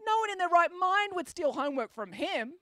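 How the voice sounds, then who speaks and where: A woman reading aloud plays a pompous science teacher who snaps and shouts in a shrill, swooping voice. He is forever indignant at his pupils, and the recording is close and dry. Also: big pitch swings, a little fast, dry recording, exaggerated voice.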